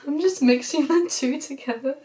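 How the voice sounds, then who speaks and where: A woman's voice: high voice, normal speed, dark tone. A young woman guesting on a reaction video, giggly and teasing in casual chat.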